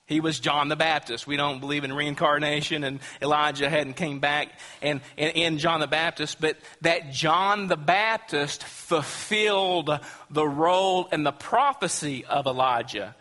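A man delivers a sermon in an earnest, emphatic way, acting out quotes and putting rhetorical questions to his listeners. His voice sits high and sounds bright and forceful. A long reverb trails behind him, as in a big hall. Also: unhurried. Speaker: pastor.

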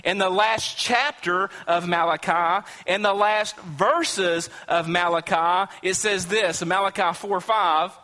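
A man delivers a sermon in an earnest, emphatic way, acting out quotes and putting rhetorical questions to his listeners. His voice sits high and sounds bright and forceful. A long reverb trails behind him, as in a big hall. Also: takes it slowly, few pauses. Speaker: pastor.

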